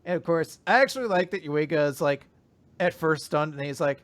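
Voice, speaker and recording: Retelling a manga chapter on his casual podcast, this host tells the story animatedly and uses many fillers. He has a slightly high voice and a brisk delivery.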